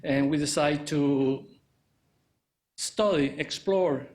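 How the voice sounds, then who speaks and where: A man presenting an architecture project at a press conference, speaking haltingly with many fillers. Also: on the high side, a little mellow. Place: indoor press conference room.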